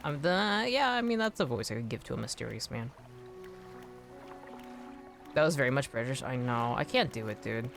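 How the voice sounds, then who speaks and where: A male streamer chatting casually over his game, rambling and often putting himself down. His voice sits in a middle pitch. Soft game music plays faintly behind him. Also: expressive, moderate pace, gravelly, pauses often. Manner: rambling, self-deprecating. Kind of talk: casual gameplay chat.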